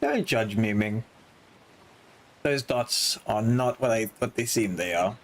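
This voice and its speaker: A man's voice: lowish voice, slow, low-quality recording. A man streaming a video game and chatting casually with friends, joking and swearing as he plays. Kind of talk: casual gaming stream chat.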